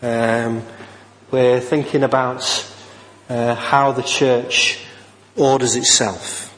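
A man's voice: mid-range voice, flat delivery, extremely slow, fairly bright tone, long reverb tail, poor audio. A man preaching a sermon as a Baptist minister, talking in a hesitant way with many fillers and restarts. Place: church.

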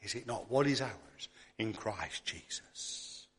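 A man preaching a sermon, earnest, often repeating words and restarting, dropping softly on key words. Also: lowish voice, animated, slow. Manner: drops to a soft near-whisper on key words.

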